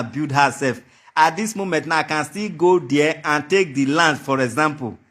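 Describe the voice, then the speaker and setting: A Nigerian man with a high-pitched voice delivers a heated monologue straight to the camera. He taunts and mocks throughout, circling back to the same threats again and again. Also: moderate pace, fairly bright tone. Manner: taunting and mocking, repeats his threats. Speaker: vlogger.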